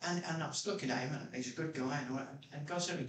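Male pastor, chatty sermon delivery, slightly high voice, recorded off-mic in a reverberant church. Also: rapid-fire, a bit bright. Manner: chatty storytelling preacher, jumps to high pitch when quoting himself. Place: church hall. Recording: echoey church room, mic at a distance.

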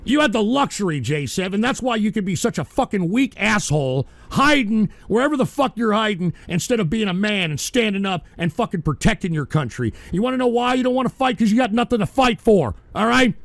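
A man hosting a live-streamed radio show, ranting angrily at his chat in an aggressive, profane, yelling manner. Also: sits high, lively intonation, brisk, vocal fry, few pauses, no echo. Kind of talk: angry ranting monologue at chat.

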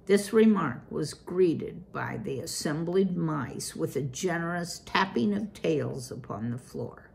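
Slow, gravelly woman reading a story. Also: low-pitched, animated, darkish tone. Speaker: storyteller reading a children's book. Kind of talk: read-aloud storytelling.

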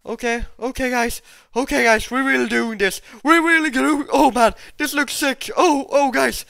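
A gameplay video host commenting on their play, excitable, repeating exclamations and talking straight to viewers. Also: mid-range voice, measured pace, creaky, dry recording, clean studio sound.

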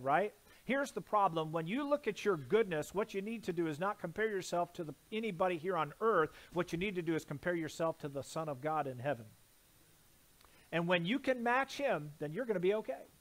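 A man delivers a sermon from the pulpit. His voice sits high and carries emphasis. He repeats key phrases and keeps turning questions back to the congregation. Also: lively intonation, moderate pace. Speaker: pastor. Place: church sanctuary.

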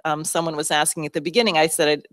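A woman addresses a town hall audience in a low voice. She comes across as intense and driven, restarting her sentences as she thinks aloud. The sound is dry and close. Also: fairly even intonation, rapid-fire, fairly bright tone. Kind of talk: public talk to an audience.

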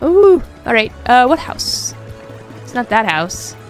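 A woman's voice: fairly high pitch, sing-song, slow, soft background music. A woman casually commentating a video game playthrough, playful and muttering to herself. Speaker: gaming video creator.

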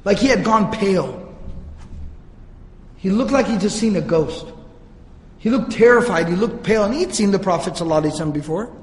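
A man's voice: sits high, expressive, brisk, long pauses. A man giving a religious history lecture, telling the story earnestly and reciting Arabic passages. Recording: echoey hall reverb.

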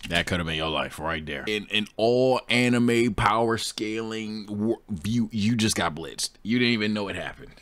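A young man casually reacting to a cartoon for his stream chat, loud and laughing, riffing with slang and repeating himself. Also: fairly low pitch, expressive, a little slow. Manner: loud, laughing, repetitive slang-heavy riffs.

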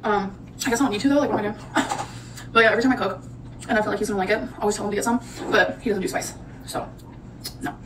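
A woman's voice: mid-range voice, fairly even intonation, very fast, long pauses, distant mic. A woman rambling chattily to her viewers in a casual cooking and eating vlog. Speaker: vlogger. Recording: noisy audio from off-mic.

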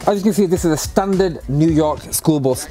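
A man's voice: on the high side, a little fast, over music. A man talking casually to camera in a vlog, upbeat and chatty, outdoors beside a bus. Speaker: vlogger and bus converter.

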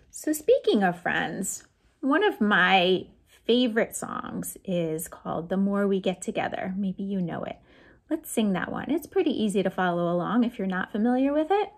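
A woman's voice: very animated, normal speed, creaky. A woman librarian reading picture books aloud to children, chatting with them playfully and voicing the sound effects. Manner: playful, chats with young listeners; voices sound effects with big pitch jumps. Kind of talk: children's storytime read-aloud.

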